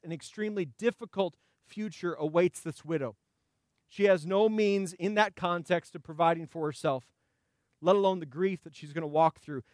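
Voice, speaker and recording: High-voiced pastor preaching with playful asides. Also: male voice, no echo, clean studio sound. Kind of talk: sermon.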